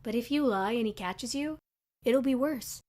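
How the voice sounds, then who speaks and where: A woman's voice: fairly high pitch, moderate pace, close to an everyday voice. A woman doing a sleepy frat guy. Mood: calm. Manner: calm, level-headed. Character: sleepy, easygoing young college frat guy.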